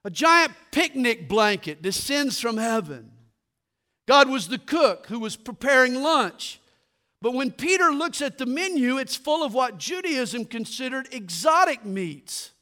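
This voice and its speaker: A man preaching a sermon, telling stories with humor and dropping low and quiet for his punchlines. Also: measured pace. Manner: animated storytelling, drops to quiet for punchlines.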